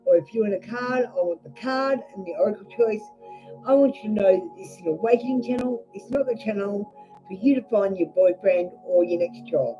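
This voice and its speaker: A tarot reader with an Australian accent gives a blunt, expletive-filled reading live on stream, with music playing in the background. Her medium-pitched delivery is brisk, and the audio is dull and lo-fi.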